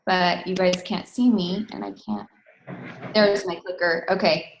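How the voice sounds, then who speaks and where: A woman's voice: mid-range voice, steady tone, a little slow, vocal fry, a little hiss or hum. A woman coach co-presenting a casual online training webinar, chatty with apologetic asides. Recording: roomy echo, a bit off-mic.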